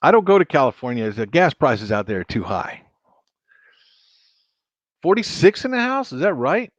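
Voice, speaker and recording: A man's voice: a little high, very animated, normal speed, dry recording, dull audio. A man hosting a casual live stream, talking and joking straight to his viewers. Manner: chatty, joking, talks to viewers directly.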